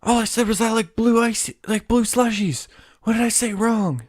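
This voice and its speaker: A man's voice: normal speed, no echo, studio quality. A man voicing a bewildered, flustered young man who keeps apologizing in a pleading tone. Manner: high-pitched, flustered and pleading.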